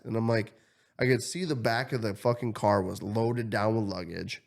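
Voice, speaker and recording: A man's voice: lowish voice, moderate pace, vocal fry. A man, co-hosting a podcast, telling a story in casual chat and acting out the people in it. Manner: animated, swears freely, acts out quotes. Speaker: podcast co-host.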